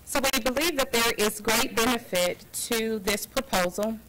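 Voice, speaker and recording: A city staffer briefs the council in a steady, official tone. She sits at a middle pitch for a woman. Clear background noise and a few clicks come through the recording. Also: moderate pace. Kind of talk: staff presentation. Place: council chamber.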